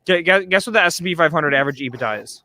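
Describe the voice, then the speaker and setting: A man co-hosting a live stock market show, talking fast and excitedly with lots of stammered restarts. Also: on the high side, no echo.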